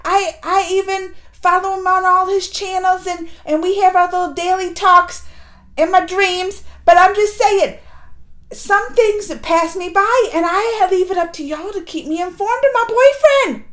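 A woman with a very high, bright-pitched voice gushes through a fan reaction video, giddy and flirty, and laughs often. She talks straight to her viewers in a playful way. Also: a little slow. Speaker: reaction vlogger.

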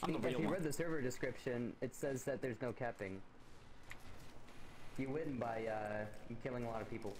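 A man's voice: medium pitch, moderate pace, darkish tone, poor audio. A man chatting casually in game voice chat, dryly playing along with the jokes. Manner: dry, plays along with jokes. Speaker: fellow player.

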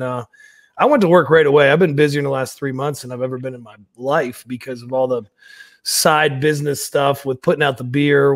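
A man's voice: mid-range voice, dry recording, studio quality. A man, a pro wrestler, talking casually in an interview in a brash, laid-back way, with plenty of swearing.

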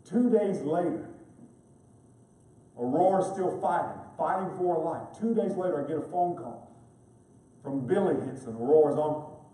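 A male pastor preaches with fervor, building his story to loud, emphatic peaks. His voice is a little high but mellow in tone. He is picked up from a distance and rings through a large, echoing chapel. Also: lively intonation, moderate pace, long pauses. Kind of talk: sermon. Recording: echoey chapel, voice from far off.

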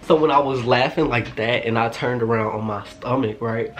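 A young man in his twenties telling a storytime vlog in an animated, profane, dramatic way. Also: medium pitch, normal speed. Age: 20s. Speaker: vlogger.

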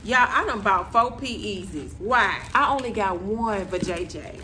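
A woman's voice: mid-range voice, animated, a little slow, background noise. A young woman vlogging at home, talking candidly and chattily to her viewers in a slangy, casual way. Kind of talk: casual chat to camera. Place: bedroom floor at home.

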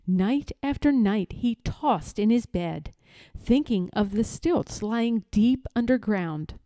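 A woman reading a children's picture book aloud, narrating in a slow, expressive storytelling way. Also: mid-range voice, no room sound.

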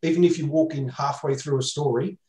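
A man's voice: a little high, fairly even intonation, brisk, mellow, reverberant, poor audio. An Australian man chatting casually on a panel over a video call, rambling with many fillers. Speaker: panel guest.

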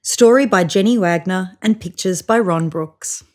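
A woman reading a children's picture book aloud, telling it expressively and slowing down for suspense. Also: fairly low pitch. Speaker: storybook reader.

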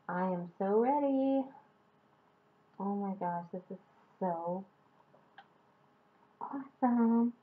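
A woman's voice: mid-range voice, slow pace, long pauses. Gushing woman with a tinny, phone-like sound. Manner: gushing, excitable. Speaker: vlogger. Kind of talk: unboxing vlog.

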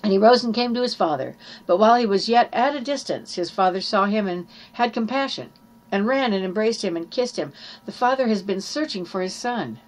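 A woman's voice: medium pitch, expressive, a little fast. A woman preaching a sermon in an earnest teaching manner, reading scripture aloud and explaining it.

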